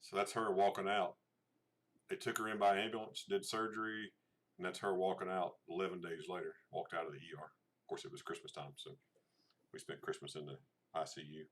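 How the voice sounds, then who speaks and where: A middle-aged man with a drawl and a deep, low voice talks casually to his viewers. He rambles, restarts his sentences and fills gaps with "uh" and "so". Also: flat delivery, brisk, fairly bright tone. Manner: rambling, hesitant, many fillers and restarts. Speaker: channel host. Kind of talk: casual livestream chat showing photos.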